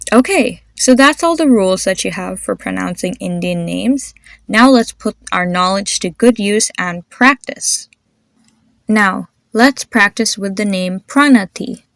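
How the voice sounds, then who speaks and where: A young woman hosts an instructional podcast, patiently teaching pronunciation and urging listeners to repeat after her. She sounds encouraging and demonstrates sounds slowly in a medium-pitched voice, captured dry with clean studio quality.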